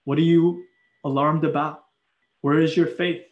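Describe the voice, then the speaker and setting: A man preaching a sermon, earnest and animated, with playful acted asides. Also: fairly high pitch, a little slow, roomy sound, dull audio. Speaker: pastor.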